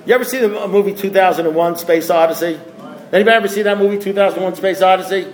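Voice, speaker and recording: Male recovery-meeting speaker, higher register, repetitive and emphatic, rhetorical delivery. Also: rapid-fire, poor audio. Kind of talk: impassioned talk to a group.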